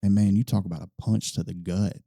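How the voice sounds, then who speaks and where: A man's voice: deep voice, fairly even intonation, fast talker, dark tone, no echo, clean studio sound. A man hosting a podcast, telling a long-winded story in casual conversation with lots of fillers. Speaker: podcast host.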